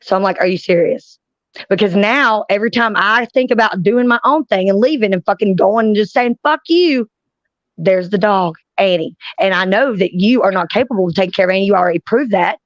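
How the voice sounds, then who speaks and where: A woman's voice: mid-range voice, quick pace, hardly any pauses, no room sound, dull audio. A woman, talking casually on a live panel stream and telling blunt, profane stories.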